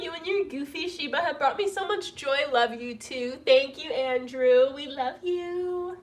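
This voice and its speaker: Young woman vlogger, high voice, emotional and gushing, a bit off-mic. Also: normal speed, fairly bright tone, recorded from a distance. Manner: emotional, laughing through tears, gushing. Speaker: vlogger reading donation messages. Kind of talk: casual livestream chat. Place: home room with roof work banging.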